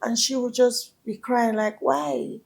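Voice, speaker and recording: A woman's voice: a little high, normal speed, a little mellow, breathy edge. A woman singer, a guest in an interview, telling her story with animation and acting out other people's voices when she quotes them.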